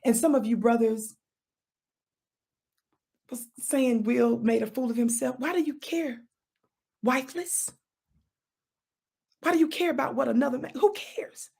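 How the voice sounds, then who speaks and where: A woman hosting her own show, giving an animated, preachy commentary monologue, repeating words for emphasis and teasing her listeners with bursts of laughter. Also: on the high side, moderate pace, vocal fry, long pauses, slightly rough. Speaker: talk show host.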